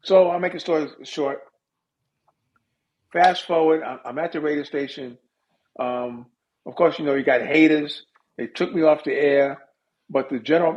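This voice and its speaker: A middle-aged man, a music industry guest, telling stories in a casual interview with lively asides. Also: fairly high pitch, moderate pace. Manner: animated storyteller with lively asides. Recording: dull lo-fi audio.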